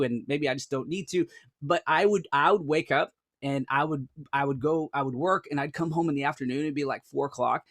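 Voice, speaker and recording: A man's voice: a little high, dry recording, studio quality. Earnest man telling a personal story. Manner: earnest, animated storytelling with frequent "like" and restarts. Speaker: speaker. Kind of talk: personal story told to a group.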